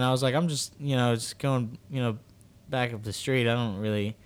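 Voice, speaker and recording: A man's voice: mid-range voice, fairly even intonation, a little fast, clean tone. A young man co-hosting a podcast, telling a long story in a rambling, casual way with lots of fillers and acted quotes. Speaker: podcast co-host.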